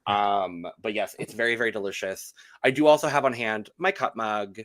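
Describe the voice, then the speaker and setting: Man, podcast host, campy, chatty, worn voice, bright tone, dry close sound. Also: fairly low pitch, moderate pace, no room sound. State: voice giving out. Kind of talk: casual chat.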